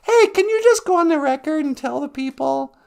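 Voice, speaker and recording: A woman hosting a comic live stream, mock-earnest and sarcastic, who slips into solemn-sounding mock prayers. Her voice sits high and has a gravelly, fried edge. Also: animated, fairly quick, a little mellow. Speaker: host.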